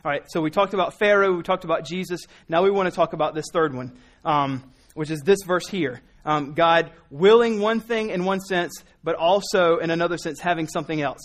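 A man's voice: a little high, a little fast. A man in his thirties giving an informal sermon as a Bible teacher, earnest and rambling, with many restarts and fillers.

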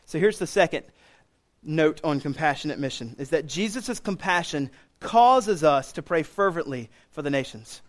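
A man in his thirties preaching a sermon as pastor, animated and getting loud when he acts out what others say. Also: high voice, moderate pace.

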